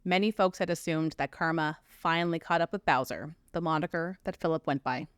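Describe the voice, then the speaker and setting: A Canadian woman co-hosting a true crime podcast, talking fast with her words run together. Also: deep voice, steady tone, clean tone, no room sound. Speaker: podcast co-host.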